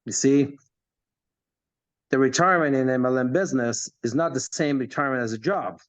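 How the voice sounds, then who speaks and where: A man in his fifties giving an animated motivational talk as a network marketing coach, acting out quoted voices. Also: mid-range voice, moderate pace, no room sound. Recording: dull, dry lo-fi sound.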